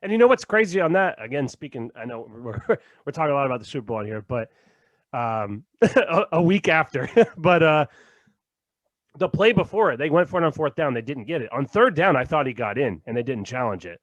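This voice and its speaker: A man's voice: mid-range voice, expressive, a little fast, dry recording. Laid-back man chatting on a podcast. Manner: loose, swearing, laughs often, trails off quietly. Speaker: podcast co-host. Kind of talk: casual chat.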